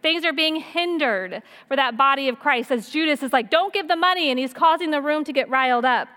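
High-voiced woman preaching in a hall. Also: brisk, bright, forceful tone. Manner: earnest, personal storytelling with repetition. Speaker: women's speaker. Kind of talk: sermon. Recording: long reverb of a hall.

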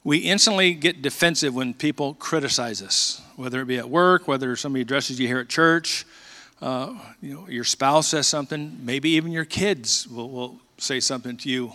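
Fast-talking pastor preaching in a reverberant hall. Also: male voice, mid-range voice. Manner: quick, animated talker who slows down for scripture readings. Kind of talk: sermon. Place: church sanctuary.

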